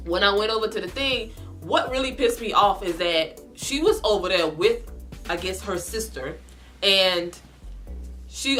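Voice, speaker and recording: A woman vlogger telling an animated, indignant storytime. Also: mid-range voice. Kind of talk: storytime vlog.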